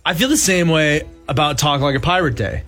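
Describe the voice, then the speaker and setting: A man co-hosting a casual podcast chat, playful and quick to agree and joke. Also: fairly high pitch, a bit bright, soft background music. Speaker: podcast co-host.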